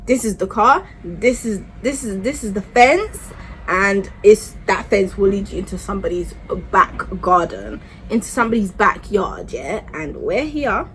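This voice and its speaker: A young woman telling a storytime vlog, chatty and animated, often checking in with "yeah?". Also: mid-range voice, slight background noise, poor audio. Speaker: vlogger.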